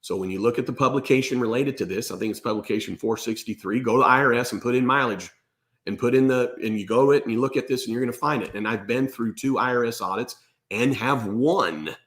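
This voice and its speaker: Male accountant host, mid-pitched, blunt and emphatic. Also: fast talker, a bit bright. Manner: emphatic and blunt, repeats "okay?". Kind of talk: direct-to-camera tax advice.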